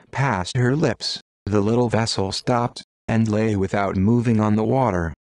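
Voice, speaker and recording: A man narrating a storybook in a steady, measured reading. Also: lowish voice, dry recording. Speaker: audiobook narrator.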